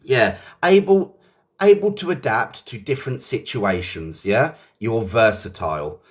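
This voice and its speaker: A man's voice: mid-range voice, lively intonation, a little slow. A man from England with a British accent, teaching an English vocabulary lesson on a live stream, chatty and encouraging as he greets viewers by name. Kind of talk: live online lesson, reading viewer comments.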